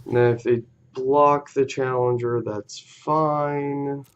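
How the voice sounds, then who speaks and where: A man's voice: medium pitch, fairly even intonation, slow, clean tone, dull audio. A man casually talking through a card game on a live stream, laid-back and easily amused, with casual swearing.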